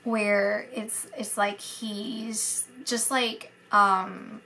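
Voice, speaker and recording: A woman's voice: medium pitch, level tone, drawn-out words, bright, forceful tone, slight background noise. A woman psychic medium giving a casual spoken reading, rambling and hesitant with many fillers.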